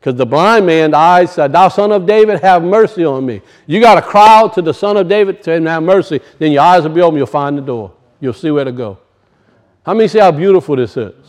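Cajun male preacher, high voice, folksy and emphatic, quizzes his flock. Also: expressive, a little fast. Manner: emphatic, questions the congregation, folksy dialect grammar. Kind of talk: sermon.

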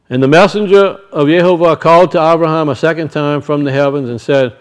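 A man's voice: a little high, steady tone, clean tone. A male preacher reading scripture and explaining it, often restarting his sentences. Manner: reads scripture slowly, then explains it with frequent restarts.

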